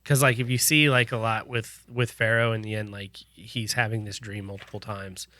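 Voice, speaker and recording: A man's voice: fairly low pitch, flat delivery, normal speed, bright, forceful tone. A man co-hosting a podcast who thinks aloud about a Bible story and says "like" often. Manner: thinks aloud, heavy use of "like". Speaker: podcast co-host. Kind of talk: casual Bible discussion.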